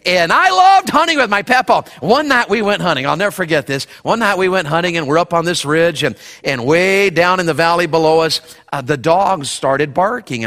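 A man's voice: a little high, expressive, moderate pace, few pauses, bright, forceful tone, in a large hall. A male pastor preaching a sermon, telling a folksy personal story and acting out the voices in it.

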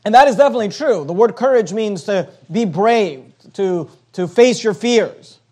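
Preaching man with a high voice. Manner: preaching, reads scripture aloud in King James wording; swings from loud emphatic to quiet and low. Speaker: pastor. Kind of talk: sermon.

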